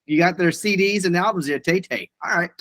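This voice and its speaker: A man's voice: high voice, a little fast, a bit bright, no room sound. A man hosting a team video meeting, upbeat and full of praise. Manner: upbeat, effusive praise, says awesome often. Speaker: meeting host.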